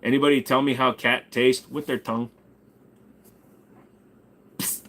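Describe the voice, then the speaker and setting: A man's voice: medium pitch, level tone, a little slow, a bit bright. A man hosting a casual ask-me-anything livestream, joking, swearing and reading chat while bidding on items. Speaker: streamer host.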